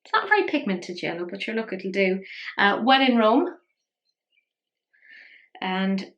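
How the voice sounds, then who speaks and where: A woman's voice: mid-range voice, big pitch swings, a little slow, pauses often. Chatty woman in her thirties. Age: 30s. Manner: chatty, playful and self-mocking. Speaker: makeup vlogger. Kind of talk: casual makeup tutorial chat.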